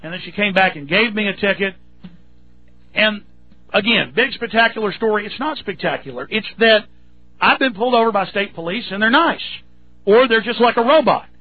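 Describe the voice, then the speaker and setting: A man's voice: sits high, expressive, moderate pace, slightly rough, faint music behind. A man hosting a talk radio show, telling a story in a rambling, indignant way with many restarts. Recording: tinny phone-like radio sound.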